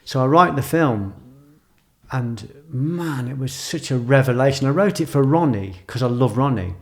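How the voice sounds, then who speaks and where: A male writer and filmmaker gives a reflective personal monologue, intense and emotional, repeating phrases for emphasis. His voice is medium in pitch, animated and darkish, at a moderate pace.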